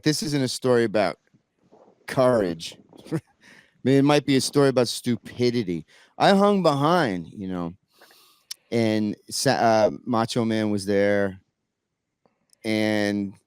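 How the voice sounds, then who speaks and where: A man's voice: mid-range voice, a little mellow, smooth, no room sound. A man telling a backstage story in casual podcast chat, rambling with many restarts and fillers. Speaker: guest musician.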